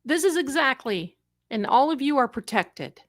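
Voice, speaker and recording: A woman hosting a casual livestream, talking in an animated, emphatic way and speaking straight to her viewers from an indoor room. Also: high-pitched, normal speed, no echo, clean studio sound. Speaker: livestream host.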